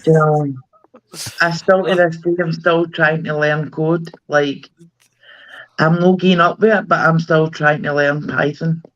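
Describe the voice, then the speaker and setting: A man's voice: a little high, flat delivery, unhurried, fairly bright tone, dull audio. A man who is a guest on a casual panel chat, reminiscing and exclaiming animatedly.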